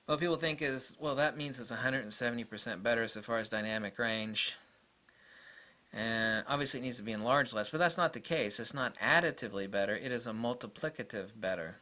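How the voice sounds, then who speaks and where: Bright-voiced man gushing over gear. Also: mid-range voice, brisk. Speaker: camera reviewer. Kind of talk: enthusiastic casual gear review.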